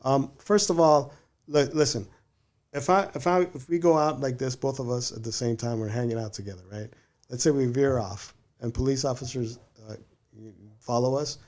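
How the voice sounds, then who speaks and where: A man's voice: medium pitch, fairly even intonation, moderate pace, darkish tone. A man, a criminal defense attorney, patiently explaining legal rights in a casual podcast conversation and often checking in with "right?".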